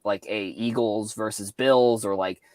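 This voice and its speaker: Low voiced guy from cape cod, lots of "like" and restarts, dry close mic. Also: fairly even intonation, no echo. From Cape Cod, Massachusetts. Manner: halting, many restarts and "like"s. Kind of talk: casual call-in show chat.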